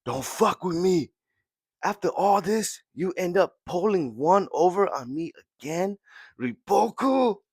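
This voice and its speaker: A defiant young warrior snarls through gritted teeth, as a man acts him out. The voice sits a little higher than the man's own and drags out each word. The sound is close and dry. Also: lively intonation, measured pace, slightly rough, no room sound, heavily acted. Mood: furious.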